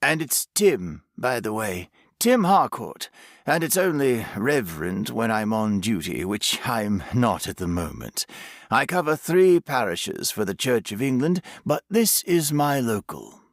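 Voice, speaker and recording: A man's voice: mid-range voice, big pitch swings, a little slow, no echo, pitched above the performer's own voice. A man doing a wry jovial country vicar. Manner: wry, dry humor. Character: jovial middle-aged English vicar, man.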